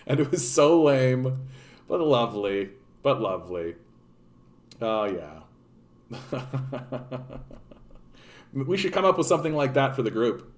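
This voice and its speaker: Male streamer from Canada, mid-pitched, loose rambling delivery with false starts and profanity. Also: lively intonation, takes it slowly, long pauses. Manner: rambling, frequent restarts and profanity. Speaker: political livestream host. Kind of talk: casual unscripted commentary.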